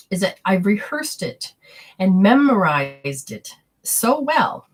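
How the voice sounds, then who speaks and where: A woman's voice: medium pitch, breathy edge. A woman giving an earnest spiritual healing talk, telling personal stories and acting out inner voices in quotes.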